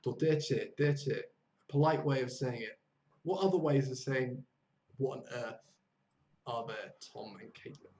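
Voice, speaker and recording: A man's voice: medium pitch, darkish tone. Southern English man teaching English. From southern England. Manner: explains phrases by repeating them slowly, mixes in Korean. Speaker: English teacher hosting a live lesson. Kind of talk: live online English lesson. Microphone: video call. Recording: echoey room with faint noise.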